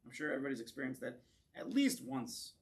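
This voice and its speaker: A man, a rabbi, teaching a class in a synagogue, animated and drawing in his audience, often restarting words as he goes. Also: mid-range voice, quick pace. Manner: animated, acts out voices in quoted lines, repeats words as he restarts. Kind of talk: lecture with audience discussion.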